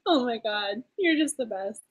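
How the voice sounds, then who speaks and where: A woman's voice: fairly high pitch, animated, moderate pace. A young woman hosting a casual book club chat, effusive and gushing, laughing often as she talks. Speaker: booktuber host.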